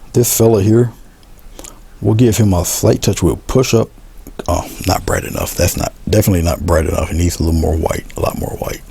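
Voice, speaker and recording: A man teaching a painting demonstration, talking relaxed as he paints, repeating short coaching phrases and often trailing off into a murmur. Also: low voice, normal speed, vocal fry, pauses often, slightly rough. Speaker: art instructor.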